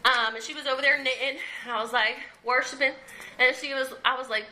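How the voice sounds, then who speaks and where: A woman's voice: sits high, moderate pace, sharp tone, a little hiss or hum, rough recording. A young woman sharing her recovery story at a meeting, candid and conversational, often laughing as she talks. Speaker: recovery speaker. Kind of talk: personal testimony at a recovery meeting. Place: meeting room.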